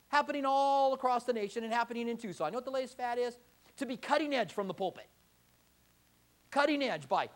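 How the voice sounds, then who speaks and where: A man preaching a sermon as pastor, impassioned and building to emphatic exhortation in a church. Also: very high-pitched.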